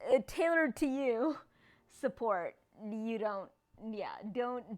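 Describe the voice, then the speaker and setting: A woman with a fairly high voice chats live with her stream audience. She rambles in a playful, loose way, dropping casual swears as she goes. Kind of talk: live stream chat with viewers.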